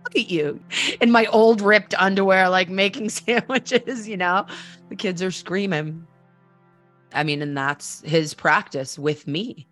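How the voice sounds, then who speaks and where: A woman's voice: mid-range voice, unhurried, a bit bright, soft background music. A woman hosting a personal storytelling podcast, talking candidly and conversationally with frequent fillers. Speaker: podcast host.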